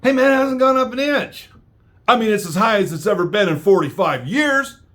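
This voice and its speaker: A man putting on a high, drawling voice to mock a befuddled elderly male politician. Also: animated, fairly quick, fairly bright tone.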